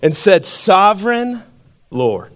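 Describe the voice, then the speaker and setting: A man's voice: high voice, slow pace. A young man preaching a sermon, telling stories with rising energy and calling out to the congregation. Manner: animated storytelling, building to shouts. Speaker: pastor.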